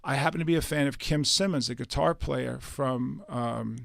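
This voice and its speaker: Older ny guy on a radio show, gravelly, acting out all the quotes, super dry mic. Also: mid-range voice, moderate pace, dry recording. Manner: animated storyteller acting out quoted dialogue. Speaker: guest musician. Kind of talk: storytelling in a radio interview. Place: radio studio.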